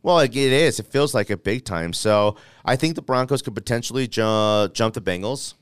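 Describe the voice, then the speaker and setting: Playful animated male sports talk host. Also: mid-range voice, normal speed, smooth, no room sound, studio quality. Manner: animated, playful, thinks aloud with restarts. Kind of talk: casual sports debate.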